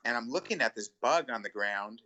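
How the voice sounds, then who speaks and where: A middle-aged man as an interview guest, talking in a relaxed, reflective way with chuckles. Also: medium pitch, fairly quick, highs cut off. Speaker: guest ultramarathon runner. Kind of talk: conversational interview.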